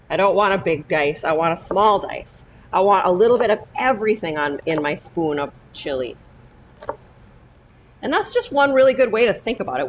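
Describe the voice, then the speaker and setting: A woman's voice: mid-range voice, dull audio, a little hiss or hum. A woman teaching a cooking lesson in her kitchen, talking step by step and often checking in with "okay?". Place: home kitchen.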